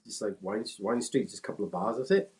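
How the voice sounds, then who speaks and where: A Welsh man in his forties, a former footballer, telling animated anecdotes in casual chat and mimicking people in a raised voice. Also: fast. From Wales. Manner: animated anecdotes, acts out quotes in a high voice. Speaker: former footballer, podcast guest. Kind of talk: casual storytelling.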